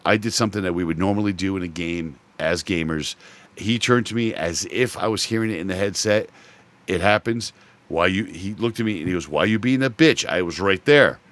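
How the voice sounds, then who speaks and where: Deep-voiced man in casual gaming chat. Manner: animated storytelling, swears casually. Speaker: podcast host.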